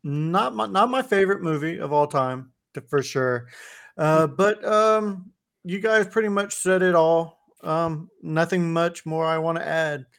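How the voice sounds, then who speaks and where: Man, podcast host, dry brief delivery, fairly high pitch. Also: unhurried, vocal fry, a bit bright, clear, resonant tone. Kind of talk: casual review chat.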